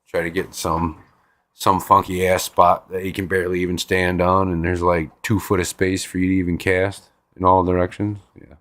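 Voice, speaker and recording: A low, fairly bright voice with flat delivery comes through a dry recording at normal pace as a laid-back host chats on his livestream. Stiff-necked and sore, this dad of a five-year-old reads viewer comments, rambling and repeating himself.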